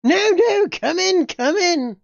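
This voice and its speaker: A man voicing an eager young high-society lady who puts on airs, in a shrill, croaky falsetto. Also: expressive, takes it slowly, no room sound, highs cut off, heavily acted. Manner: affected, eager, posh.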